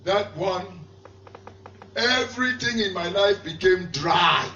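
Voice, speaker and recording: High-voiced preacher man, 50s, shouting fervent sermon, far off mic. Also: expressive, slow, slight background noise. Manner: fervent, shouting bursts, call-and-response. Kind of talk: impassioned sermon. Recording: echoey hall, distant dull mic.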